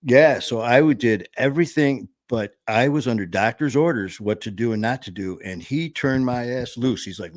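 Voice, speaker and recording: A man's voice: mid-range voice, animated, moderate pace, no echo. A middle-aged man from the United States telling a long personal story in casual, blunt, profane talk. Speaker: podcast host.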